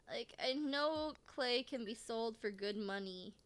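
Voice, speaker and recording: A woman streamer giving casual let's-play commentary, rambling to herself with frequent restarts and giggles. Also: on the high side. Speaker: game streamer.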